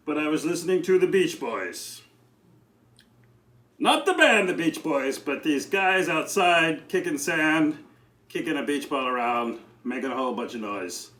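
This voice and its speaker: A man's voice: fairly high pitch, fairly bright tone, distant mic. A man voicing a cheerful, chatty male dragon puppet on a children's show, talking in a bouncy, theatrical way. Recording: roomy echo.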